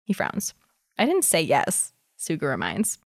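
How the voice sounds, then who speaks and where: A woman co-hosting a chatty podcast, reading a story aloud with lots of laughter and lively voicing of the dialogue. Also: deep voice, measured pace, vocal fry, no echo, studio quality. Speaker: podcast co-host reading fan fiction aloud. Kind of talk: casual chat and dramatic reading.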